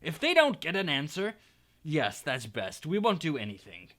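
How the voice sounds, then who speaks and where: A blustering, bullying uncle bellows and snaps through this storybook reading, voiced by a man. His voice is bright and forceful, and it leaps around a lot. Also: on the high side, wildly swooping pitch, moderate pace, exaggerated voice. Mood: nervous scheming. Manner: loud, snapping, bellowing.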